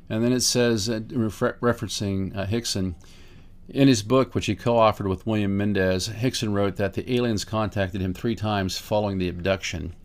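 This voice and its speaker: A man hosting a podcast, reading written accounts aloud and breaking off into his own plain spoken comments. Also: on the low side. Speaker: podcast host.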